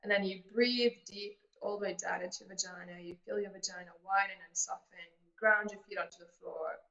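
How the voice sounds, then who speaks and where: Bright-voiced woman coaching in an echoey room. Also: medium pitch, fairly even intonation, brisk, dull audio. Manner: earnest, explanatory. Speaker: relationship coach. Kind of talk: casual interview advice.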